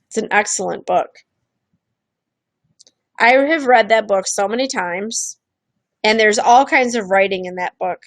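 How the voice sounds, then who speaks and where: A woman with a gravelly, fry-laden voice hosts a streamed show, explaining ideas in a loose, candid way. She keeps slipping into little acted-out voices when she quotes people, and she often restarts her sentences. The sound is dry and close, with no room around it. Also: medium pitch, unhurried, pauses often, fairly bright tone, no room sound. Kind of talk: casual explanatory talk.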